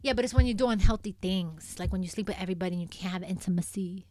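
A woman's voice: medium pitch, racing, warm tone. A woman co-hosting a casual chat show, chatty and emotional, often giggling. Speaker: podcast co-host.

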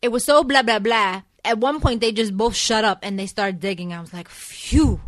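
A woman hosting a casual talk show, recapping soap opera episodes in an animated, chatty way full of fillers and laughs. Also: mid-range voice, fast talker, no echo. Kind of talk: casual chat.

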